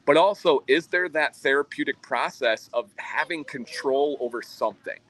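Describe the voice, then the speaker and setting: A man's voice: fairly high pitch, normal speed, fairly bright tone, low-quality recording. A man co-hosting a livestream, earnestly telling a story about his community. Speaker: co-host. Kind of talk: livestream chat.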